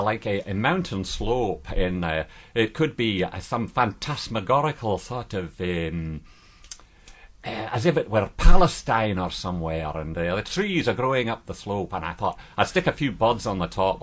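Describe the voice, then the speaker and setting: A man's voice: lowish voice, fairly bright tone. A man with a Scottish accent playing a crude, foul-mouthed, boastful artist in an improvised comic interview, rambling and laughing at his own jokes.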